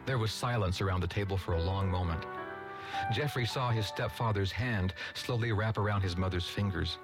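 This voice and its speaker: A man narrating a story aloud, expressive and doing voices for each character. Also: lowish voice, normal speed, over loud music, rough recording. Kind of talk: audiobook story reading.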